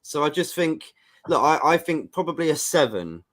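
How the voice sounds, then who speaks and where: A man's voice: a little high, big pitch swings, normal speed. A man hosting a casual football podcast, speaking in a hesitant, stumbling, agreeable way. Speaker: host.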